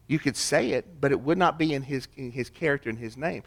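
A man preaching a sermon, emphatic, swinging between loud declarations and hushed, quiet stretches. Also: mid-range voice, a little fast, vocal fry, hardly any pauses. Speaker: pastor.

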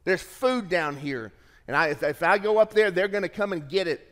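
Animated preacher man in a reverberant space. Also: moderate pace. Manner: animated scripture reading, shifting pitch and pace for emphasis. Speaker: pastor. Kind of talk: sermon.

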